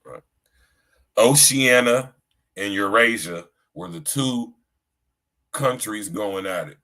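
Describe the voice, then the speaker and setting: A man's voice: medium pitch, lively intonation, takes it slowly, creaky, pushed and bright. A middle-aged man hosting a podcast livestream in a casual, slangy chat style, often saying "you know what I'm saying.". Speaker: podcast host.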